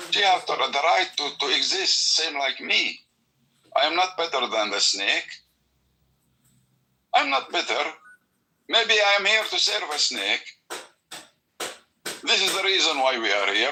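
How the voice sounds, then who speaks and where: A man in a heated debate, speaking halting, broken English and arguing in a pleading way. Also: a little high, bright, forceful tone, low-quality recording. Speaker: debate participant.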